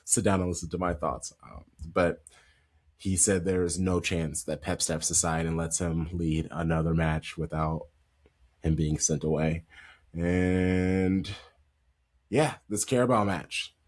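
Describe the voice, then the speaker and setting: A low-voiced man hosts a football podcast in a relaxed, chatty style. He laughs easily and talks in loose, meandering sentences full of fillers. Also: measured pace. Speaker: podcast host. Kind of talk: casual football chat.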